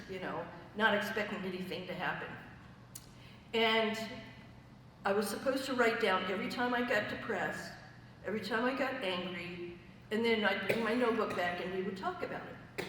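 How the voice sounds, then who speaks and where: A woman's voice: mid-range voice, moderate pace, long pauses, fairly bright tone. Woman telling her story in an echoey hall. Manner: conversational storytelling, vivid detail. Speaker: church member giving testimony. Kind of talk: personal testimony to a fellowship gathering. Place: church fellowship hall. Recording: echoey hall, voice from far off, faint noise.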